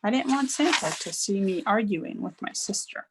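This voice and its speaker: A woman's voice: medium pitch, lively intonation, moderate pace, noisy background. Woman reading a children's book aloud. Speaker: reader.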